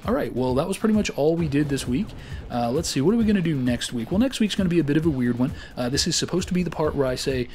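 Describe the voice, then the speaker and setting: A man's voice: medium pitch, fast talker, darkish tone, faint music behind. A man hosting a casual weekly gaming round-up, rambling and joking with lots of filler words. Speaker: gaming show host.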